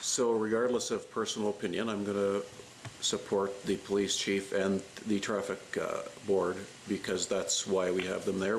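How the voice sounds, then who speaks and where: A man, a city councillor, making a measured, formal argument in a council debate. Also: sits low, a little hiss or hum, low-quality recording. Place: council chamber.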